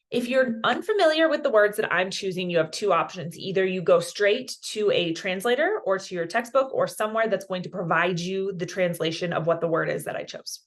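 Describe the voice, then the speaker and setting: Encouraging woman Spanish teacher from Colorado, casual lesson talk, ordinary middle pitch. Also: lively intonation, brisk, hardly any pauses. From Colorado, USA. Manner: chatty, encouraging, mixes in Spanish words. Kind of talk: online language lesson.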